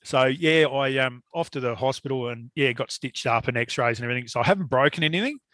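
A man telling a long story in casual chat, animated and swearing freely. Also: medium pitch, fast talker, no room sound.

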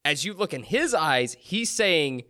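A man playing a tabletop game, his voice a little higher than most men's. He gets excitable and flustered and jokes around, tripping over his words as he describes what his character does. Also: unhurried, clean tone. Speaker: player.

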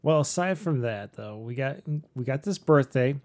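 A man chatting on a podcast at a medium pitch, wandering through jokey asides and loose stories. He keeps the tone loose and casual. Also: animated. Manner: rambling, jokey, drawn-out asides. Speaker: podcast co-host. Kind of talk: casual chat.

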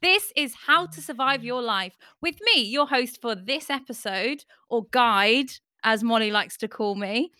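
A woman's voice: on the high side, expressive, a little slow, few pauses, pushed and bright, dry recording, studio quality, soft background music. A woman hosting a podcast in casual chat, bubbly and giggly, stretching out her greetings. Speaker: podcast host.

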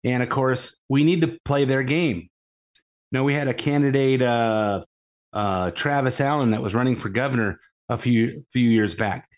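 A man's voice: medium pitch, a little slow. A man delivering an unscripted political monologue in a middle-range voice. He rambles, stumbles and restarts his sentences, filling gaps with "uh". His tone stays scornful and argumentative toward the people he criticizes. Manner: rambling, repeats words and fills with uh. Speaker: political commentary host. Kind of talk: casual opinion monologue.

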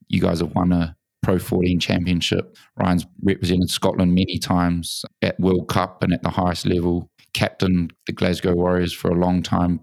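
An enthusiastic, matey male host with a low, gravelly voice, who keeps calling his guest mate or bro. He is recorded close and dry in an office studio. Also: a little mellow, no echo. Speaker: podcast host. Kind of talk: casual interview.

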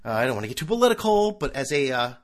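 A man's voice: mid-range voice, big pitch swings, very fast. A man hosting his own podcast, ranting and joking through a solo monologue with sarcastic asides. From California. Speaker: podcast host.

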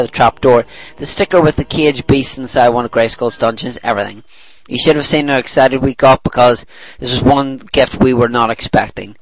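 A middle-aged man with a medium-pitched voice hosts a podcast, chatting casually as he reads a listener's email aloud. He laughs often, rambles, and corrects himself along the way. The recording quality is rough.

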